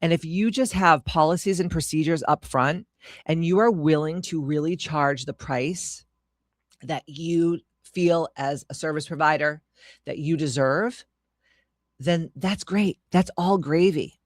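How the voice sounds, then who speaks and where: A woman's voice: deep voice, measured pace, no room sound. A woman business coach delivers a solo podcast talk in a dry, close-miked sound. She is blunt and emphatic, swears without a second thought, and drives her points home by stacking them in lists.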